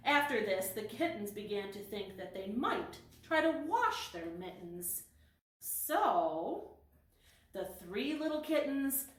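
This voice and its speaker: A woman reading a bedtime story aloud to children in a slow, expressive storytelling manner. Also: medium pitch. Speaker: storyteller for a museum. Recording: roomy, distant recording.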